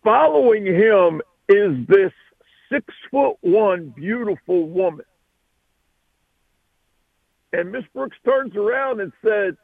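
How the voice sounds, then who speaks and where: A man, a football coach, telling an animated recruiting story as a radio guest. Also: sits high, slow, gravelly, pauses often, no echo, narrow, tinny audio. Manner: animated, acts out the voices.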